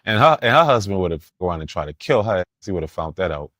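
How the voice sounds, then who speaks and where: A man telling a casual story in street slang as a podcast guest, laughing and animated, often asking if you follow him. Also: sits low, quick pace, no echo, clean studio sound.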